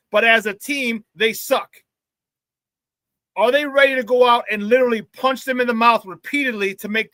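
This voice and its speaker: A man hosting a sports talk show in a casual, fired-up way, stumbling and repeating words as he gets excited. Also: very high-pitched, dry recording. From Chicago area.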